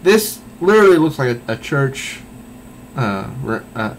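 Male comic reviewer, unhurried and rambling, mid-pitched, with a faint hum of air conditioning behind him. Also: big pitch swings, rough recording. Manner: meandering, thinking aloud. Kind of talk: casual spoken review.

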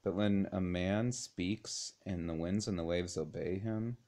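A man giving an informal Bible lesson in a conversational way, chuckling often and pausing with fillers and restarts. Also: deep voice, fairly even intonation, warm tone. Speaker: Bible study teacher.

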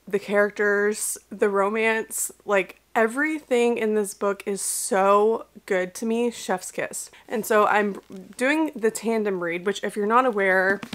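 A woman's voice: medium pitch, fairly bright tone. A young woman book vlogger in casual chat, rambling with many fillers and restarts while getting over an illness. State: recovering from illness, tearful at times.

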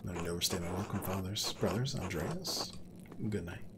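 A man reading aloud as a scheming nobleman who presses the clergy on reform, in a smooth, condescending way. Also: sits low, normal speed, heavy background noise, lightly acted. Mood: haughty. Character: scheming male nobleman guest pushing church reform. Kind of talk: reading game dialogue aloud.

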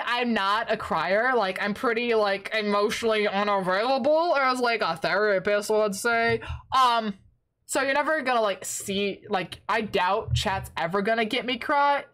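A woman streamer chatting casually while drawing, excitable and prone to yelling in playful protest, her voice sore and raspy from long yelling. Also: a little high.

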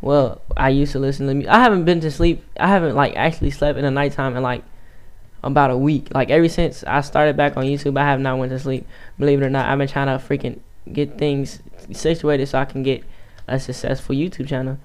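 A man's voice: medium pitch, steady tone, brisk, smooth. A man giving casual, rambling gameplay commentary on his home mic, stuttering and restarting his sentences. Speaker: YouTube gamer.

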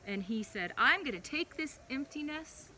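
A young woman leading a preschool chapel, reading a Bible story to young children in a playful, animated way. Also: high voice, normal speed, a little hiss or hum, rough recording.

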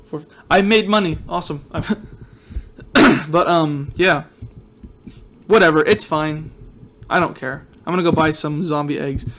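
A man's voice: fairly high pitch, unhurried, pauses often, fairly bright tone, a little hiss or hum. A man hosting a casual let's-play video, rambling and joking with viewers, his voice a little groggy from just waking up. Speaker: gaming video host.

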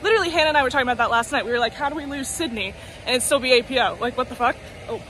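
A young woman talks fast in a high, bright voice, giggling through her tribute. Her tone is sharp and energetic, with faint street ambience behind her. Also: some chatter behind. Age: young adult. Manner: quick, giggly, breaks into laughter. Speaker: friend giving a tribute. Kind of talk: early-morning video message.

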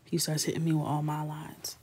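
A woman in her thirties with a low, husky voice hosts a live coloring stream. She chats casually and laughs with viewers, keeping her voice soft and often dropping to a whisper.

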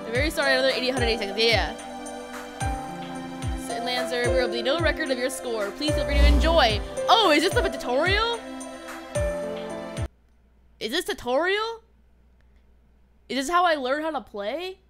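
High, lively woman streamer, prone to dramatic whining, music under her voice. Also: normal speed, pauses often. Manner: excitable, dramatic outbursts and playful whining. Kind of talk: casual gaming livestream chat. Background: background music.

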